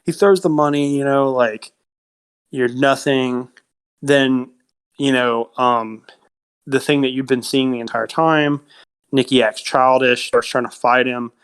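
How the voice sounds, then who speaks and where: A man's voice: medium pitch, steady tone, unhurried, fairly bright tone, clear, resonant tone. A man co-hosting a podcast, casually retelling a film plot with lots of fillers and quoted dialogue. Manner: rambling retelling with many fillers and quoted lines. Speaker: podcast co-host.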